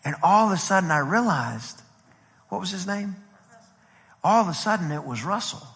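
A male pastor preaching at a conference, telling a lively story and acting out the dialogue. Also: high voice, normal speed. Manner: animated, acts out dialogue with voices and laughs. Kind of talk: storytelling sermon. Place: large conference hall. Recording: long hall reverb.

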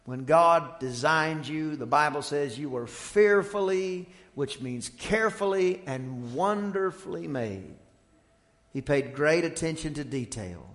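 A man preaching a sermon from the pulpit, telling stories and building from quiet talk to fervent shouting. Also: fairly high pitch, lively intonation, measured pace. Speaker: pastor. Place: church sanctuary. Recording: long church hall reverb.

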